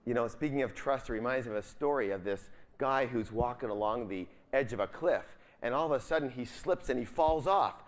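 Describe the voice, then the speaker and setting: A man's voice: medium pitch, animated, brisk, hardly any pauses. A man giving a live seminar, full of upbeat energy, constantly asking the audience questions and leaving the ends of his sentences for them to fill in. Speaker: seminar speaker.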